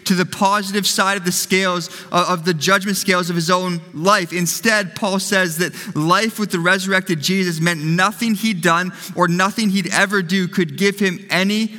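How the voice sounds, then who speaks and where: Bright-voiced pastor preaching in a hall. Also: male voice, high voice. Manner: emphatic, repeats phrases for rhetorical effect. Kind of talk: sermon.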